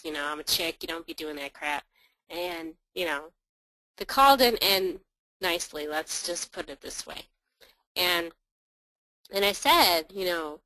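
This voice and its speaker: A woman's voice: lowish voice, sharp tone, no echo, poor audio. A woman telling a business story in a chatty, blunt way, with lots of fillers and acted-out quotes. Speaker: online marketer telling a story. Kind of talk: casual storytelling.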